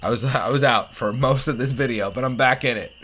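A man's voice: mid-range voice, brisk, slight background noise. A man casually commenting on a game he is playing, swearing a lot and reading the game's diary text aloud. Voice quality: profane, sarcastic, reacts loudly. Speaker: let's play host.

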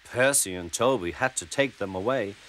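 A man narrating a children's storybook in an expressive, gentle way. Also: fairly low pitch, moderate pace, slight background noise. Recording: background music.

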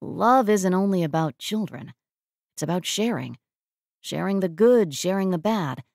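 A woman voicing a soft, apologetic man. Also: fairly low pitch, expressive, unhurried, vocal fry, no echo, studio quality. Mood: earnest. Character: apologetic, gently teasing man.

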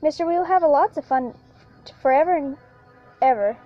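A woman voicing a menacing monstrous little girl in a soft, girlish, coaxing tone. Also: high-pitched, fairly quick, highs cut off, faint music behind, close to an everyday voice.

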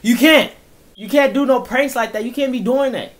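A man's voice: extremely high pitch, brisk, over music. A man who was pranked, complaining indignantly and rambling in casual vlog chat. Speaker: prank target.

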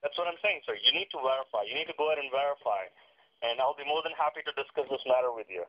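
A call center agent, a man who talks quickly and fills his sentences with "you know" as he keeps pressing. His voice comes through a dull, muffled phone line. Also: mid-range voice, expressive. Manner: rapid, filler-heavy, politely insistent.

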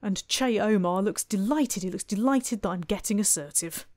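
A woman's voice: medium pitch, normal speed, darkish tone, a little hiss or hum. A woman commentating on her own gameplay in a wry, chatty way, full of exasperated asides. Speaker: let's play host.

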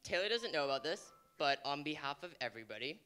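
A man's voice: fairly high pitch, sing-song, fast, bright, forceful tone, clear, resonant tone. A young man on a theater stage giving a short, earnest tribute, a little hesitant. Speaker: cast member presenting flowers.

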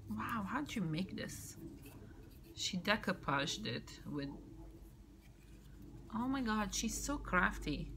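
A woman vlogger opening a birthday craft mail, gushing and excitable, now and then dropping into a whisper. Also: medium pitch, background noise. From Canada. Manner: gushing, excitable, keeps exclaiming how cute things are. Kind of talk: casual show-and-tell unboxing.

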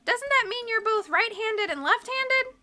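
A woman doing a high eager bookish boy. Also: lively intonation, unhurried, bright, forceful tone, full character voice. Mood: curious. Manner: eager, inquisitive questions. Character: boy, young bookish and curious.

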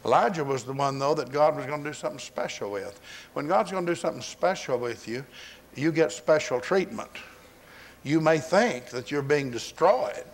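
Folksy preaching man, higher voice. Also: animated, normal speed. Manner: folksy storytelling, acting out scripture voices. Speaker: pastor. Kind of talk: sermon. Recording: 1980s sermon recording.

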